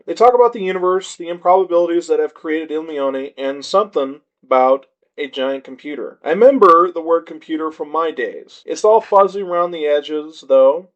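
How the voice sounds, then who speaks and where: Man reading a wry story, lo-fi sound. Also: a little high. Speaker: narrator reading a short story. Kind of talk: live story reading in first person.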